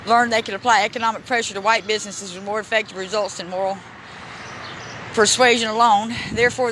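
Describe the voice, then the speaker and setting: A man on a casual walking-tour vlog, filming outdoors in a city park on a handheld phone, reading signs aloud haltingly with stumbles and restarts, and he is emotional, close to tears. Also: very high-pitched, pushed and bright, slight background noise, rough recording. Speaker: vlogger giving a walking tour.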